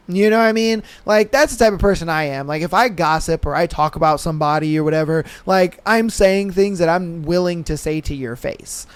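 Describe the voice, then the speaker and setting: A man's voice: high-pitched, smooth, dry recording. A young adult man hosting a podcast in casual solo commentary, blunt and slangy, often asking "you know what I mean". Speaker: podcast host.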